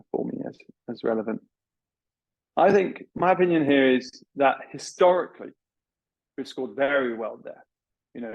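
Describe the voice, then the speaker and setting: A man's voice: medium pitch, creaky, dull audio. A man presenting a business session in an online webinar, talking casually and asking the audience rhetorical questions with many fillers. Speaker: veterinary business speaker.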